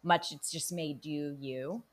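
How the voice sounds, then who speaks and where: Enthusiastic woman podcast host, low-pitched. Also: steady tone. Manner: enthusiastic, quick reactions. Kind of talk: casual podcast chat.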